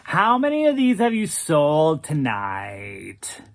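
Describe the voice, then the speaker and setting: This is a self-important art dealer put on by a storyteller who speaks in an airy, nasal drawl. He stretches each phrase out slowly and grandly, and his pitch rolls up and down a lot. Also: wildly swooping pitch, full character voice. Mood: gushing. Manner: slow, drawn-out, grandiose.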